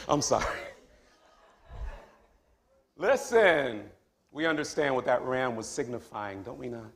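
A man preaching a sermon as pastor of a church, dropping to hushed tones and then rising to loud, high exclamations. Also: expressive, normal speed. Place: church sanctuary.

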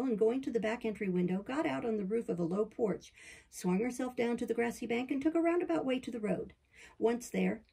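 Husky, gravelly woman reading a novel. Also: a little high, warm tone, rough recording. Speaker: audiobook reader. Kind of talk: scripted narration of a classic novel.

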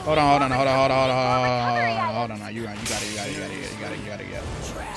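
A man's voice: mid-range voice, flat delivery, rapid-fire, creaky. A man giving playful gameplay commentary, trash-talking opponents as he plays. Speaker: gaming YouTuber. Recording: game music behind voice. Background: video game music.

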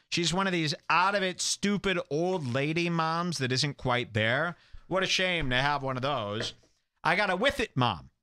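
A man's voice: medium pitch, animated, normal speed, pushed and bright, no room sound, studio quality. A man hosting a comedic talk show, ranting in a crude, mocking, gossipy manner. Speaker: radio show host.

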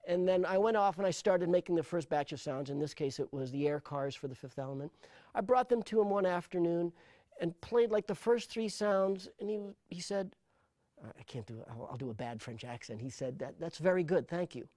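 Middle-aged male sound designer, animated interview storyteller, a bit high-voiced, close and dry. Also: fairly quick, no room sound. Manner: animated storyteller, repeats words when starting thoughts. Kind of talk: interview conversation.

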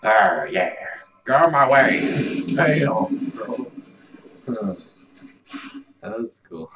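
A man's voice: lowish voice, big pitch swings, very slow, a bit bright, muffled recording, a little hiss or hum. A young man giving casual, crude, jokey commentary while playing a video game. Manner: laid-back, crude, jokey, mumbling asides. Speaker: gaming video host.

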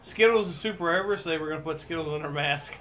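A man's voice: on the high side, quick pace, background noise. A man co-hosting a casual chat, teasing and laughing with mock-dramatic outbursts. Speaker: podcast co-host. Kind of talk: casual wrestling commentary chat.

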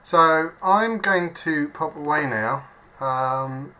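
Indoors at his workbench, a hobby electronics modder walks through a soldering job step by step, thinking aloud in a chatty, self-mocking way. His voice is fairly high and sharp, he takes his time, and there's a bit of background noise.

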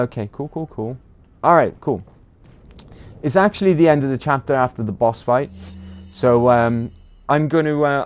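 A man's voice: medium pitch, a little hiss or hum. A man with a British accent, chatting casually to viewers while livestreaming a game, rambling with lots of ums and uhs. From Britain. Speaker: game streamer.

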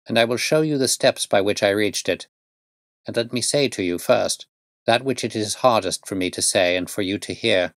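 A man voicing a calm, stern male detective who explains things in a measured, precise way. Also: on the low side, dry recording, studio quality.

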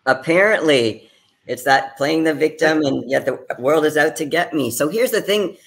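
A man, a therapist, asking calm, probing questions in a casual talk show. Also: a little high, moderate pace, gravelly.

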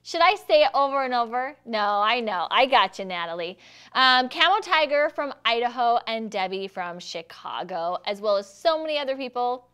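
A woman's voice: fairly high pitch, expressive, normal speed, a bit bright, clear, resonant tone. A woman hosting a casual live stream, chatty and self-deprecating, laughing often between lines. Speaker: live show host.

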